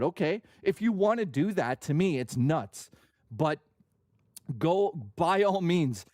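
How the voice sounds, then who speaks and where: A man's voice: a little high, darkish tone, dry recording, clean studio sound. A man hosting a live stream, ranting in a heated, profane, worked-up way. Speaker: streamer host.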